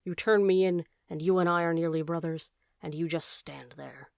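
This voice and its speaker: A woman voicing a wounded male fox who begs quietly and then hisses with bitter contempt, in a storybook reading. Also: lowish voice, animated, quick pace, slightly rough, dry recording, clean studio sound, full character voice. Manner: pleading, then hissing with contempt.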